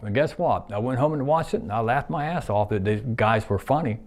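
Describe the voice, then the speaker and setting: A man's voice: medium pitch, fairly quick, a little mellow. A man in his sixties, a retired plant worker, reminiscing in a rambling, folksy way, repeating himself and using nonstandard grammar.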